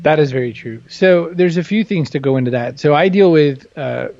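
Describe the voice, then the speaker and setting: A man's voice: fairly high pitch, expressive, moderate pace, vocal fry, a little mellow, dull audio. A man talking candidly and with humor as an interview guest, often self-deprecating. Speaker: guest author. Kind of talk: casual interview chat.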